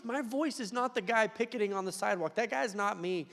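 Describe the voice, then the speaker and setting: A man's voice: high voice, brisk, creaky. Young male pastor, casual and emphatic. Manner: conversational, swings from quiet to loud emphatic peaks. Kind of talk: sermon. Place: church hall. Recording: long hall reverb.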